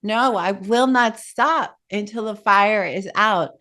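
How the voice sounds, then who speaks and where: A woman's voice: mid-range voice, slow pace, sharp tone. A woman as a tiny, stubborn, brave parrot. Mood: determined. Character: small exhausted golden parrot, stubborn and brave.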